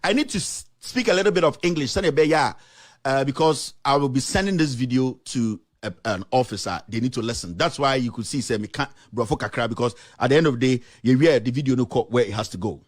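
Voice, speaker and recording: A man's voice: mid-range voice, fast. A man hosting his own show, giving emphatic, repetitive commentary and mixing English with local phrases. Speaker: journalist and show host.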